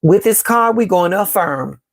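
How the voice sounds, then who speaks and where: A woman from Chicago leads a live tarot stream in a dry, close recording, her pitch sitting mid-range. She speaks emphatically, repeats her lines for weight, and calls her viewers "baby" and "y'all" while reading the chat. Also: lively intonation, moderate pace, no room sound. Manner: reads out and answers the live chat. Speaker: tarot reader and astrology host.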